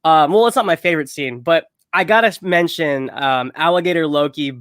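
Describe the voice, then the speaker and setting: A man co-hosting a podcast in casual chat, talking in an excitable, rambling way. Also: on the high side, a little fast, clear, resonant tone, no room sound, clean studio sound. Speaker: podcast co-host.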